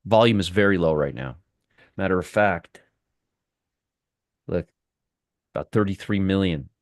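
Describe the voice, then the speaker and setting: A man's voice: low voice, measured pace, no echo, studio quality. A man hosting a live trading room, commenting on the market with heavy sarcasm, restarting and trailing off as he works his screens. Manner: sarcastic, talks to viewers and chat.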